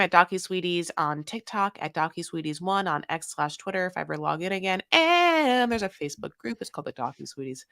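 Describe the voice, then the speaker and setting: A woman co-hosting a podcast, chatting casually and animatedly about a reality show, with plenty of swearing and quick impressions of people. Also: mid-range voice, vocal fry, no echo, studio quality. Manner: animated, profane, mimics people in put-on voices. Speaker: podcast co-host.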